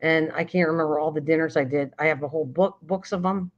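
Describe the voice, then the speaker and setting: Over dull lo-fi stream audio, an older female host talks fast in a low, steady voice during a casual late-night chat. She rambles, frequently starting sentences over while hunting for the right words.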